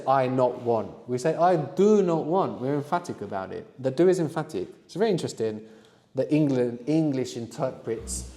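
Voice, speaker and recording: A man's voice: medium pitch, warm tone, long reverb tail. A man teaching a language lesson, asking the student questions and adding "no?" at the end of his points. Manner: prompting questions, frequent "no?" tags.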